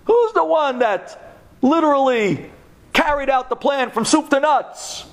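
A man's voice: very high-pitched, pitched above the performer's own voice. A man voicing a self-important brain that fusses and boasts in a storytelling sermon. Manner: hesitant start, then rushing and pompous. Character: self-important male brain, fussy know-it-all.

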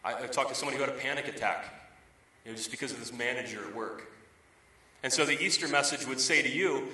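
A man's voice: mid-range voice, a little fast, pushed and bright. A man in his thirties preaching a sermon, telling everyday stories in a conversational way and driving points home with emphatic repetition. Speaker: pastor. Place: church sanctuary. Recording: roomy, distant from the mic.

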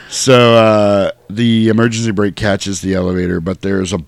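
A man co-hosting a podcast, chatting casually and profanely about a movie and slipping into quick impressions. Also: on the low side, vocal fry, no echo. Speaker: podcast co-host. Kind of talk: casual movie-review chat.

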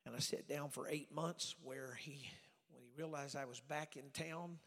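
A middle-aged man preaching a storytelling sermon in a folksy way, swinging from loud preaching to hushed asides. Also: fairly high pitch, fairly even intonation, moderate pace, gravelly. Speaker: evangelist preacher. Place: church sanctuary. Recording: reverberant church hall.

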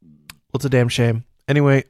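A man hosting a casual beer podcast in a studio, teasing his guests with deadpan quips. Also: mid-range voice, normal speed, no room sound. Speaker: podcast host. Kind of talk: casual beer-tasting chat. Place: recording studio.

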